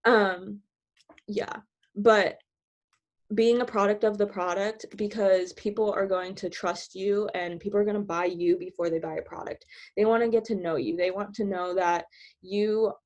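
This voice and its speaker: Bubbly fast-talking woman coaching on a call. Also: medium pitch, steady tone, a little mellow. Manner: bubbly, giggly, filler-heavy with many "like"s; talks fast. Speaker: team trainer sharing sales tips. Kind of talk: casual coaching talk.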